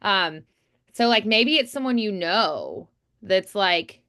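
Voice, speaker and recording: A woman's voice: medium pitch, animated, takes it slowly, sharp tone, no echo, clean studio sound. A woman coaching a voiceover student in an encouraging, chatty way with many fillers. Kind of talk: coaching feedback, conversational.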